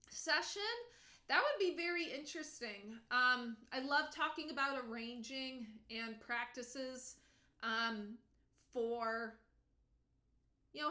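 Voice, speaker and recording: A woman's voice: a little high, bright, forceful tone, echoey room. A young woman cellist hosting a livestream Q&A, chatty and emotional with lots of fillers. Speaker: cellist and channel host. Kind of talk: livestream Q&A chat.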